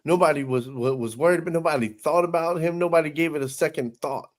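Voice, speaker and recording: A man's voice: a little high, fast talker. A man co-hosting a podcast in casual chat, swearing freely and rambling with lots of restarts. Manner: profane, rambling with many restarts. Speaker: podcast co-host.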